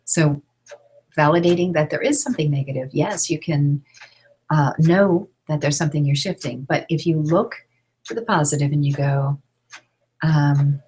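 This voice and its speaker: A woman's voice: low voice, moderate pace, a little mellow, slightly rough, low-quality recording. A middle-aged woman teaching an online class, talking casually with many fillers and restarts. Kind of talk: casual teaching, reading out questions.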